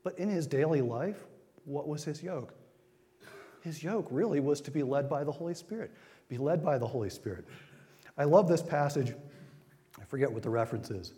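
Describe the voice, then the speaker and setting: A man giving an informal sermon, retelling scripture in a conversational way with quick acted asides. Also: on the high side, lively intonation, mellow. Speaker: preacher. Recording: long hall reverb.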